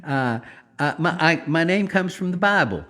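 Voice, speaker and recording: A man's voice: on the high side, lively intonation, moderate pace, pushed and bright, voice pushed up. A man briefly voicing a sweet, bashful young Southern woman who stumbles over her words as she introduces herself, with a Southern US accent. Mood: shy, sweet.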